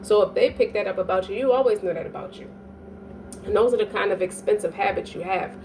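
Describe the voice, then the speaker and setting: A woman's voice: mid-range voice, quick pace, a little mellow. Brief: woman reader, blunt and profane, talks from a distance from the mic over light room noise. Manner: profane, emphatic, keeps asking "you dig?". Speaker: astrology reader. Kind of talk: casual monologue reading.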